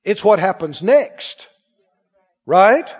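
High-voiced preaching pastor. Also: male voice, sing-song, husky. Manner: emphatic preaching, rising to shouts, quick asides. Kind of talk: sermon. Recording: dull sound with long church reverb.

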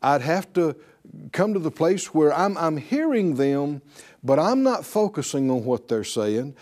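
A middle-aged man preaches in a relaxed, storytelling way. His voice sits a little high but sounds mellow and soft-edged. He laughs often and slips into lively voices when quoting others. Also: a little slow. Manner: chatty, laughing, acts out quoted voices. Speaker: pastor teaching a faith class. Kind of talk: folksy sermon teaching.

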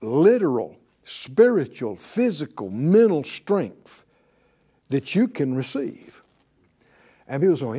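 A man's voice: on the high side, very animated, takes it slowly, mellow, husky. A man preaching a sermon to a class in a conversational way, calling on them to repeat after him. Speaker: pastor teaching a class.

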